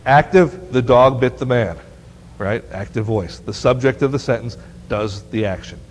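A man's voice: mid-range voice, moderate pace, slight background noise. Man preaching a sermon in a hall. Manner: animated, asks the congregation questions. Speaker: pastor. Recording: long hall reverb.

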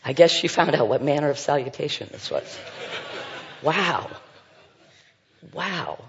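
A man's voice: fairly high pitch, animated, unhurried, creaky, husky. A man leading a Bible study, reading scripture aloud and commenting with frequent fillers and asides. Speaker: Bible teacher. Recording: dull sound with long hall reverb.

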